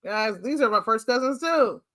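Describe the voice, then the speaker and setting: A man hosting a casual chat over family photos, animated and playful, rambling with lots of "like". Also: very high-pitched, normal speed, dry recording. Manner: rambling, chatty, heavy use of "like". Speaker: host.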